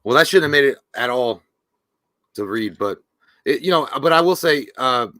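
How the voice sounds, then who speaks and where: A man's voice: medium pitch, lively intonation, moderate pace, sharp tone, no echo, clean studio sound. A young adult man co-hosting a live show, joking crudely with lots of hesitation and fillers. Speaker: podcast co-host. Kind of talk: casual live-show chat.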